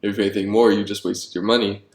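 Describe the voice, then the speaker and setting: A man designing board games and thinking aloud, rambling and getting excited about his ideas, with many ums. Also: lowish voice, rapid-fire. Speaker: board game designer vlogger. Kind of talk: thinking aloud while brainstorming. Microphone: handheld camera. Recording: echoey room.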